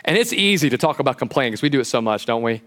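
A man preaching a sermon as pastor in a church, lively and animated, acting out the voices he quotes. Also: medium pitch, racing, big-room sound. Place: church sanctuary.

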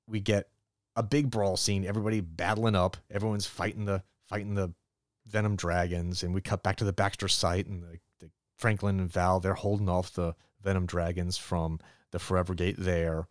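A man's voice: deep voice, flat delivery, no echo, studio quality. A man hosting a podcast alone, casually retelling a comic story in a rambling way and briefly voicing the characters. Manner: rambling recap with quick voiced asides for characters. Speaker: podcast host reviewing comics. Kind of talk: casual solo review recap.

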